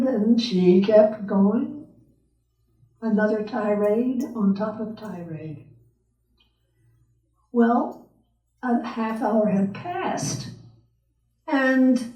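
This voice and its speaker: A woman pastor telling a story in a sermon, slow and expressive, acting out the people in it. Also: a little high. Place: church sanctuary. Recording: echoey church room from a distant mic.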